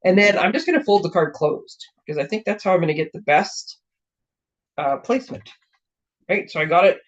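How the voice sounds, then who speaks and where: Craft host, woman, slightly hoarse and throat-clearing, chatty and rambling, dull lo-fi sound. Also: lowish voice, animated, moderate pace. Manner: chatty, rambling, self-interrupting. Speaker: craft demonstrator and show host. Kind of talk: casual card-making demo. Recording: dull lo-fi recording.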